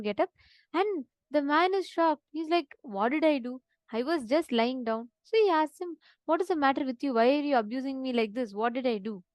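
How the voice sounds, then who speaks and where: A woman's voice: sits high, no echo. A woman presenting an online spiritual session, telling a devotional story with checks like "right?" and "understand?". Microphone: online session with chat.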